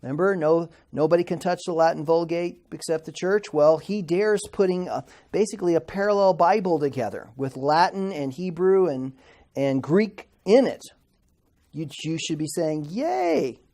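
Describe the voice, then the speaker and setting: A man's voice: a little high, moderate pace, mellow. A middle-aged man teaching a classroom history lecture in a conversational way, asking the class questions and stumbling over hard words. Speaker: Bible institute teacher.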